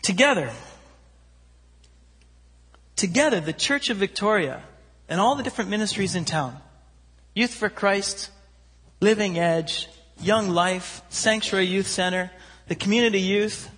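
A man preaching, telling a story with animated voices for its characters. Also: high voice, a little slow, pauses often, husky. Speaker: pastor. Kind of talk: sermon storytelling. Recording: long hall reverb.

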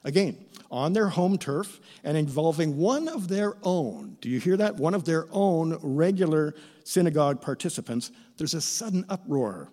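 A middle-aged man preaching a sermon as pastor, with expressive, theatrical emphasis. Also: on the high side, normal speed, few pauses. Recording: reverberant church hall.

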